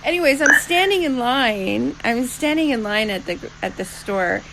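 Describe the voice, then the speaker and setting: A woman chats casually and hesitantly, restarting her sentences often as she tells a story. Her voice has a gravelly grain. Clear background noise runs under her. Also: on the high side, expressive, normal speed, fairly bright tone. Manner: hesitant, rambling with many restarts. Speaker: podcast co-host. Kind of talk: casual chat. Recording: noisy room ambience.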